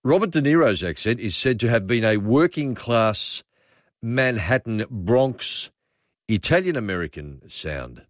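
Chatty Australian radio host, lively pitch. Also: male voice, unhurried, no echo, clean studio sound. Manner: rambling, relaxed, reads listener messages aloud. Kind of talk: casual talkback radio chat.

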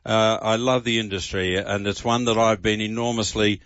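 An older man chatting on talkback radio, halting and full of "uh"s. The sound is dry and slightly dull, like studio broadcast audio. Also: on the low side, steady tone, fairly bright tone, no room sound. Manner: halting, many fillers and restarts. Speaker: radio gardening show host. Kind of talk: casual talkback radio chat.

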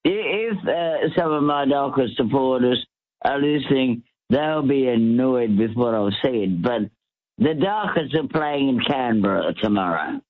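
A man's voice: medium pitch, animated, unhurried. A man with a West Australian accent, chatting on the radio in a rambling way. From Western Australia. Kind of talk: casual radio chat. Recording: tinny phone line.

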